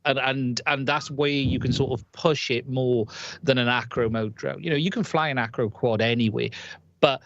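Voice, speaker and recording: A man's voice: medium pitch, steady tone, moderate pace, fairly bright tone. Man chatting about drones, muffled. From United Kingdom. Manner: enthusiastic, restarts often. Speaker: guest drone pilot. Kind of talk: casual panel chat on a live stream.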